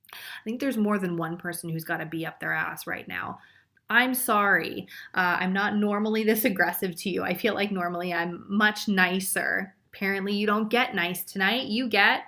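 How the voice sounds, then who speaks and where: A woman giving a live group psychic reading, talking bluntly and swearing freely. Her voice is bright and forward, and she breaks into laughter and sudden whispers as she chats to listeners. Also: mid-range voice, gravelly. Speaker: psychic reader.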